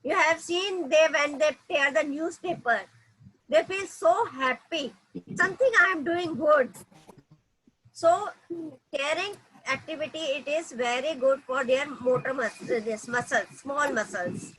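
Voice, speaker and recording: A woman with an Indian accent teaching an online class to small children, speaking slowly and simply and coaxing them along. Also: high-pitched, fairly bright tone, a little hiss or hum, poor audio. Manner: slow, simple coaxing speech to toddlers.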